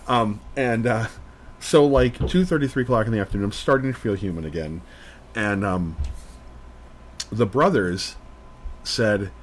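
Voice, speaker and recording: A man co-hosting a podcast, telling a story in casual chat, rambling and animated, full of "like". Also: on the low side, a little hiss or hum. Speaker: podcast co-host.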